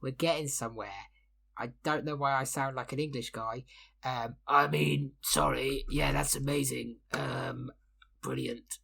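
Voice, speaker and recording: Casting: tabletop player, husky and gravelly, playful and hesitant. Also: medium pitch, steady tone, unhurried, pushed and bright. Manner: hesitant, filler-heavy, playful. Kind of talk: tabletop game play.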